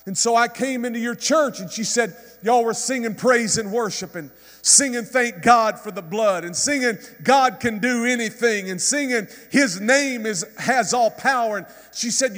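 A man's voice: extremely high pitch, fairly bright tone. A man preaching a sermon in a church, retelling a story with impassioned, preacherly delivery. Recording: long reverb from a hall.

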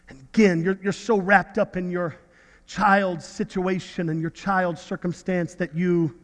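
Earnest preacher guy, high bright voice, keeps repeating words, big echoey church. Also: flat delivery, measured pace. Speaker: pastor. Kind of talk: sermon storytelling.

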